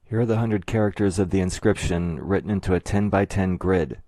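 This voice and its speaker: A man narrating a scripted explanatory video in a measured, methodical way. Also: low-pitched, dark tone, no room sound. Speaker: video essayist.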